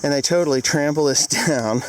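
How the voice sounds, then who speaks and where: A man's voice: on the high side, normal speed, slight background noise, poor audio. A middle-aged male farmer filming a casual vlog outdoors in the fields, out of breath from walking, rambling and frank.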